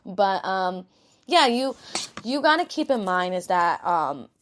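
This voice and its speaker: A woman's voice: mid-range voice, very animated, slow pace, fairly bright tone, slight background noise. A young woman with a New York accent hosts her own podcast. She talks in a candid, rambling way and swears freely. She sounds tired after a full day of work. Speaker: podcast host. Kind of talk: casual self-help pep talk.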